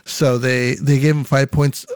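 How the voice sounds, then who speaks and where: A man's voice: medium pitch, level tone, measured pace, smooth, no echo. A man co-hosting a casual sports podcast, mostly chiming in with short replies. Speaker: podcast co-host.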